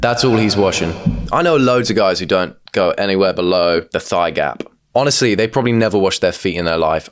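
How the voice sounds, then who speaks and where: A British man hosting a reaction video, giving joking, cheeky commentary. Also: lowish voice. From United Kingdom. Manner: joking, animated, cheeky asides. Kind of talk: casual comedic reaction commentary.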